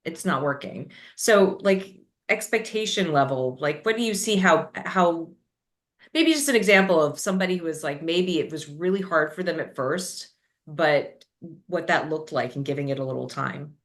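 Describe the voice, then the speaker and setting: A woman's voice: low voice, lively intonation, moderate pace. A woman hosting an interview, asking a rambling question with lots of fillers. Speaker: interview host. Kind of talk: casual interview talk.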